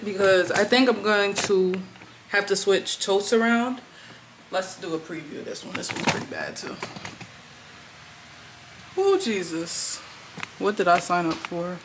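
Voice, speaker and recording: A woman in her twenties, a vlogger, chats to herself in a casual, slangy way as she declutters her apartment. Her voice is medium-pitched, with a slight hiss or hum on the recording.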